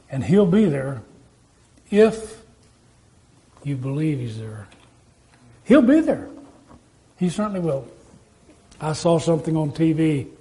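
A man's voice: on the high side, dark tone, poor audio. A man preaching a sermon as pastor, in an easygoing, conversational way, asking the congregation rhetorical questions and telling folksy stories.

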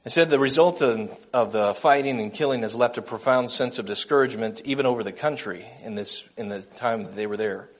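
A man preaching a gentle, earnest sermon, slowing down for emphasis and reading a story aloud. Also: mid-range voice.

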